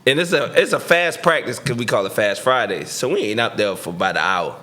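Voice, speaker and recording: A man's voice: mid-range voice, expressive, fairly quick, pushed and bright. A man, a guest on a podcast, telling a story in loose, slangy casual talk and acting out the people he quotes. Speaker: podcast guest, former football player.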